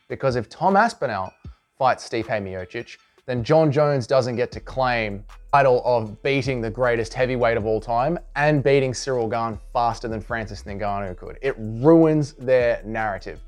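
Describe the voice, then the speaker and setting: Guy ranting his take on his channel, animated and emphatic, faint music in the background. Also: mid-range voice, moderate pace. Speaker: host and commentator. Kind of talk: casual opinion commentary.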